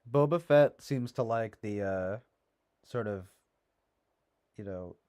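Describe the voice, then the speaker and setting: A man's voice: mid-range voice, darkish tone. A man hosting a casual livestream, rambling with lots of fillers and a sarcastic edge. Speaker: livestream host.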